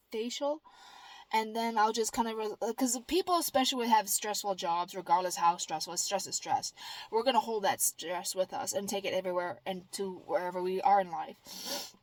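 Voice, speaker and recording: A woman's voice: mid-range voice, no echo. Woman, vlogger, rambling upbeat talk, fillers and restarts, dry close sound. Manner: upbeat and earnest. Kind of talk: casual chat.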